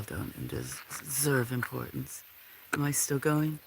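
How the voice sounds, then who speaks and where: Unhurried, gravelly live-stream host filming farm cats on a phone; chatty and apologetic with viewers. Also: medium pitch, very noisy. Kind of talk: casual live-stream chat. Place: farm, among the cats at feeding time. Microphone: handheld phone.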